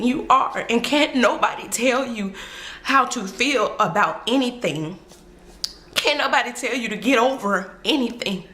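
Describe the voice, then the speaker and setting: Woman vlogging real talk, kinda high bright voice, pushes her point over and over, roomy echo. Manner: earnest and insistent, repeats phrases for emphasis. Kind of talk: heartfelt talk to camera. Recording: echoey room.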